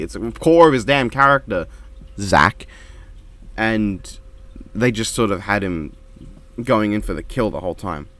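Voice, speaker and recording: A man giving casual reaction commentary at home, speaking quietly in a monotone and rambling with frequent restarts into a microphone. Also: fairly low pitch, dry recording. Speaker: reaction video creator. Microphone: desk microphone.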